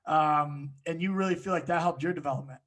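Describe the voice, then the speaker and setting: Chatty, higher-voiced male podcast host. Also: brisk, fairly bright tone. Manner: eager, chatty questioner who laughs often. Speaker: podcast host and lacrosse coach. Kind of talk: casual podcast interview.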